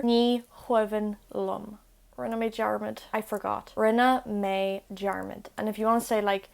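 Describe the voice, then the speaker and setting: A woman's voice: mid-range voice, creaky. Chatty young woman teaching phrases. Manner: chatty, self-deprecating asides. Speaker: language video host. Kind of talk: casual language lesson.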